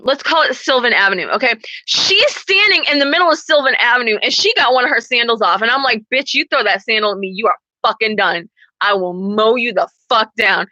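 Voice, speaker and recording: A young adult woman telling a story to camera in a profane, animated way. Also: high voice, no echo, rough recording. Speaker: vlogger. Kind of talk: casual storytelling.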